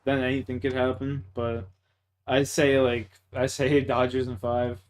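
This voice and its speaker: Canadian male streamer, casual, profane, quick to get worked up. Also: mid-range voice. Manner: profane, excitable storytelling with laughs. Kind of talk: casual chat while gaming.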